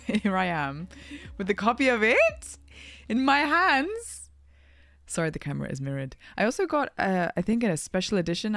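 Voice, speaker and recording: Chatty, excitable woman with a low voice, casual vlog delivery. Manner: excited, chatty, lots of fillers. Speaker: voice actor.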